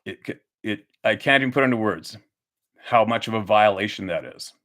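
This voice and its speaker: A man's voice: fairly low pitch, moderate pace, a bit bright. A man hosting his own channel, delivering an angry, profane monologue full of restarts and rhetorical questions. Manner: heated, profane, repetitive ranting. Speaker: channel host.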